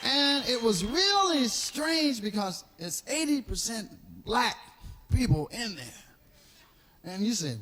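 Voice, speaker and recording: A man's voice: very high voice, sing-song, slow, bright, forceful tone, a faint crowd, a little hiss or hum. A man in his forties doing a live stand-up comedy routine, telling loose profane stories and acting out the people in them. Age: 40s. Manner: profane, loose storytelling that acts out characters. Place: live stage show.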